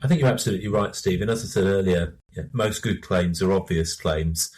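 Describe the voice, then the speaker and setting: Deep voiced guy, a bit husky, lots of ums, careful and measured. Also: a little mellow. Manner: hesitant, many fillers, measured. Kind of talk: casual professional discussion.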